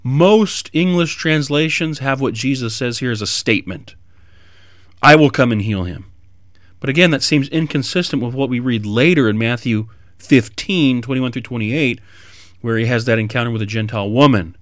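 A man preaching an expository sermon in an animated way, rising to emphatic bursts. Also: mid-range voice, moderate pace, dry recording, clean studio sound.

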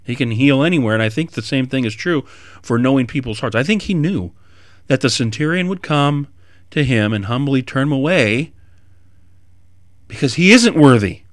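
Male preacher, expository sermon, animated, emphatic bursts, mid-pitched voice, dry close sound. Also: moderate pace, no echo.

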